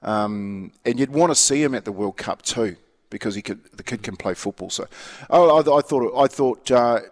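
A man's voice: mid-range voice, normal speed, big-room sound. A man with a New Zealand accent co-hosting a radio show, chatting casually and rambling about sport with lots of restarts. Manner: laid-back, matey, rambling with many restarts. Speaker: radio co-host.

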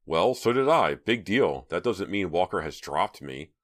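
A man's voice: low voice, sing-song, unhurried, a bit bright, heavily acted. A man reading an audiobook, voicing a frightened teenage girl who pleads with her voice rising. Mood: distressed.

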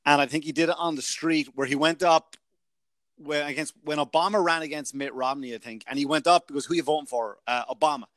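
A man hosts a podcast and chats in a loose, rambling way, swearing casually. His voice sits a little high. It is recorded close and dry, with no room sound. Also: fairly quick, fairly bright tone, no echo. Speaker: podcast host.

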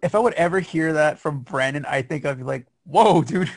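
A young man appears as a musician guest on a casual podcast call, his voice a bit higher than most. He sounds easygoing and laughs often, with a dry, close sound. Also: normal speed, vocal fry, no echo.

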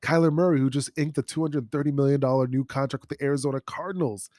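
A man's voice: mid-range voice, steady tone, fast talker, darkish tone, no echo. A man hosting a solo finance news podcast, talking casually with frequent ums and restarts while sick with sniffles. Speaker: podcast host.

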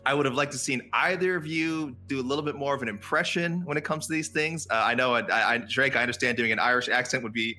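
Joking, hesitant male podcast judge with a bright voice. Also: mid-range voice, quick pace, hardly any pauses, soft background music. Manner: hesitant, joking, filler-heavy. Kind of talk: casual chat.

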